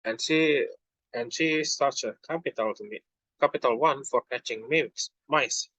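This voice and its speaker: A man's voice: medium pitch, normal speed, a bit bright, no echo, close to an everyday voice, poor audio. A young man voicing Alice, a polite, chatty little girl, in a storybook reading, stumbling over words.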